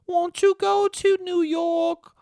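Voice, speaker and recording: A man voicing a wistful little British orphan boy in a high, slow, sing-song childlike voice. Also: level tone, vocal fry, a little mellow, no echo, clean studio sound, exaggerated voice. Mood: dreamy.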